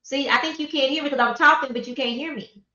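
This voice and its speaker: A woman's voice: high-pitched, fast, pushed and bright. A woman hosting a live podcast chat over a video call in a chatty way. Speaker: podcast host. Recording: dull, echoey video call audio.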